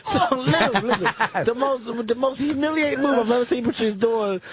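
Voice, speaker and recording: A man guest in a radio studio telling an excited, animated comic story and acting out quotes, with laughter around him. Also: extremely high pitch, a loud crowd. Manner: excited, fast, acts out quotes.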